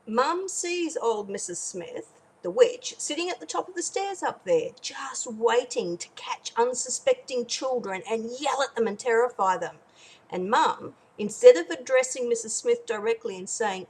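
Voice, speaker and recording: Animated woman telling a teaching story. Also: a little high, normal speed, slightly rough, poor audio. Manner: animated, acts out characters while narrating. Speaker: parenting educator. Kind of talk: storytelling lesson.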